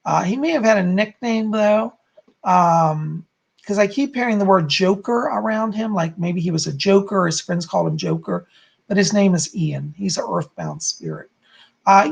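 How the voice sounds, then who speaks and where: A man's voice: sits high, vocal fry, slightly rough, muffled recording. A man giving live psychic readings, chatting as he answers viewers one by one. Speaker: psychic medium.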